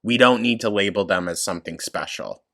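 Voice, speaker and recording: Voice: low voice, fairly quick, pushed and bright. A commentary YouTuber reacting to clips, sarcastic and blunt, swearing often and laughing at the material.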